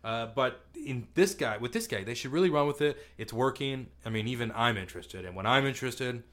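A man's voice: medium pitch, expressive, brisk, a bit bright. A man hosting a casual wrestling radio show, leading the segments and asking his co-host questions. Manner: leads the segments and asks questions. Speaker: host and technical producer.

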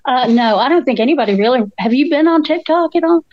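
A woman's voice: high voice, quick pace, no echo, highs cut off. An older woman co-hosting a casual chat, telling stories and acting out the quotes in them. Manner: animated storyteller, acts out quotes. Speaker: co-host.

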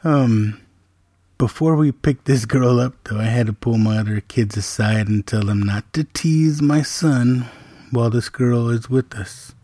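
A middle-aged man, a podcast host, telling a family story in a relaxed, rambling way with many fillers. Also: medium pitch, a little slow, no echo, clean studio sound. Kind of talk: casual storytelling.

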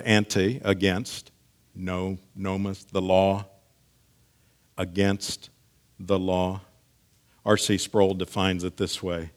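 A man preaching a sermon, teaching with measured delivery that swings between hushed lines and emphatic stresses. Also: lowish voice. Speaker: pastor.

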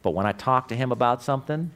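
A middle-aged man giving a blunt motivational lecture to a class, emphatic and swinging between loud and quiet. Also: medium pitch, animated, fast. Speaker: class instructor. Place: classroom with students.

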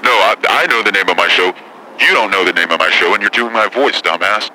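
A rude, touchy female talk-show celebrity with a crisp, bright edge to the voice, as a man impersonates her, cursing and snapping at anyone who questions her. Faint noise sits behind it. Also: on the low side, lively intonation, fairly quick, poor audio. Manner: crude, defensive, swearing. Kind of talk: improvised comedy impression.

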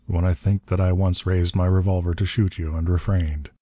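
A swaggering official, played by a male narrator speaks with smooth politeness in a deep voice. The recording is dry and close. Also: little pitch movement, moderate pace, warm tone, no room sound. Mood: polite.

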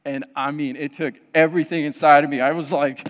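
A man telling a personal story to an audience in a conversational, self-deprecating and lively way. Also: on the high side, fairly quick, hardly any pauses, big-room sound, dull audio.

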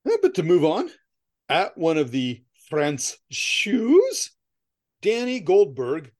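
A man's voice: sits high, wildly swooping pitch, slow pace, darkish tone. A man co-hosting a podcast in casual chat, telling stories in a rambling way, laughing often and swearing casually. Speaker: podcast co-host.

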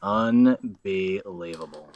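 A man's voice: deep voice, wildly swooping pitch, slow pace, vocal fry, a little mellow, a little hiss or hum. A man co-hosting a casual sports podcast, joking and sarcastic. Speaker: podcast co-host.

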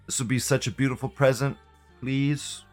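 A man hosting a live show, reading forum posts aloud and reacting in an excitable, profane, rambling way. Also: medium pitch, normal speed, soft background music. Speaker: livestream host.

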